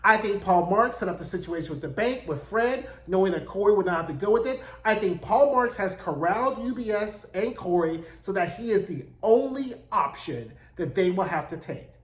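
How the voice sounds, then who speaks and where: A man's voice: sits high, lively intonation, moderate pace, few pauses. A man hosting a casual TV episode recap, chatty and full of slang. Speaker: TV recap host. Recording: echoey room.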